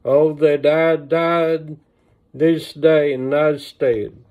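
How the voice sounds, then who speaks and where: A man reading the lines of a grieving old mother in a slow, measured lament, recorded on a phone. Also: fairly high pitch, fairly even intonation, a little mellow. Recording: tinny phone-line sound.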